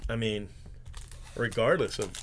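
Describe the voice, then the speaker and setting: A man's voice: lowish voice, unhurried, fairly bright tone, a little hiss or hum. A man hosting a live card break, chatting casually, joking and tripping over his words as he reads out player names. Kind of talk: casual live-stream chat.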